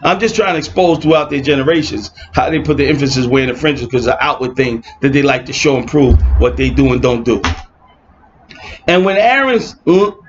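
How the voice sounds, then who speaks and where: This informal online Bible lesson comes from a man with a mid-range voice and brisk pace, captured in dull lo-fi audio with a bit of hiss or hum. After reading verses aloud, he turns to mocking his opponents with sarcastic asides.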